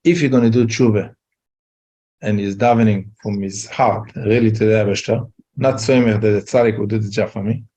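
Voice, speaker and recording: A man telling a Torah story in a casual talk, halting and repeating words. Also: on the low side, fairly even intonation, mellow, dull audio. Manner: halting, repeats words, Yiddish-laced English. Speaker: rabbi giving a talk.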